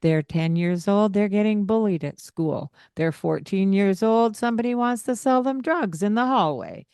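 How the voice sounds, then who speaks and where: A woman's voice: medium pitch, normal speed, darkish tone, clear, resonant tone, no echo, studio quality. A woman co-hosting a casual parenting podcast, talking in an earnest, coaching way with lots of fillers. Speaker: podcast co-host.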